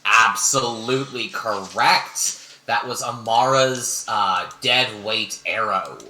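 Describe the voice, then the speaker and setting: A man running a tabletop game as game master, energetic and quick to swear as he teases his players. His voice is very bright and forceful. The sound is echoey, as if recorded in a bare room. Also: on the low side. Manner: energetic, profane, teasing the players. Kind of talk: hosting and narrating a tabletop game.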